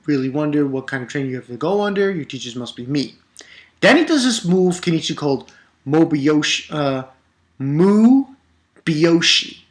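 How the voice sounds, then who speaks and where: A man talking through a comic chapter in an unhurried, drawn-out way, his voice bright and forceful. He rambles, circles back on himself, and swears freely. Every so often he breaks into loud, gleeful outbursts. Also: on the high side. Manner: rambling with restarts. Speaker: manga reviewer. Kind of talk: casual chapter review.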